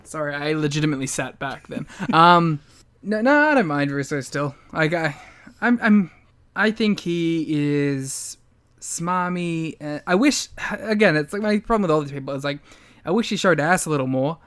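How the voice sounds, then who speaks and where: A man's voice: on the high side, animated, normal speed, fairly bright tone, smooth. A man co-hosting a podcast in casual chat, with wry, self-mocking remarks and frequent laughter. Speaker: podcast co-host.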